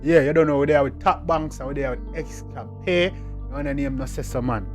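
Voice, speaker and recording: A man's voice: a little high, moderate pace. A young man with a Jamaican accent hosting a casual music reaction, bantering in patois with repeated "you see me" refrains. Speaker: reaction channel host.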